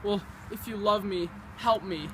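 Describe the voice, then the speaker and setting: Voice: medium pitch, measured pace, close to an everyday voice. A performer playing a nervous young bride who stammers and pleads in an amateur stage play. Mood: pleading. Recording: noisy with traffic behind.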